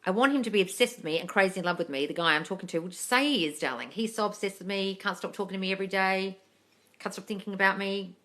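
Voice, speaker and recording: A woman's voice: mid-range voice, fast talker. A woman hosting a casual live-stream Q&A, reading out viewers' questions and answering them bluntly, with lots of swearing and "darling". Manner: blunt and sweary, calls listeners darling, scolds then softens. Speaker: manifesting coach answering live chat questions. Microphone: phone on a live stream.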